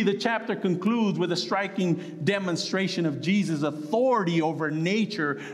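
A man preaching a sermon to a group of men, animated and acting out the voices of the people in his story. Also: fairly high pitch. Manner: animated, acts out quotes with voice jumps. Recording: long reverb of a hall.

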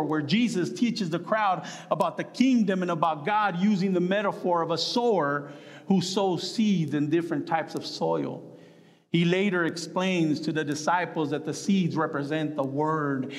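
In a sermon to a gathering of men, a preacher with a fairly high voice tells a story with animation, throwing himself into acting out its quotes with jumps in his voice. A long reverb trails his words, as if in a big hall.

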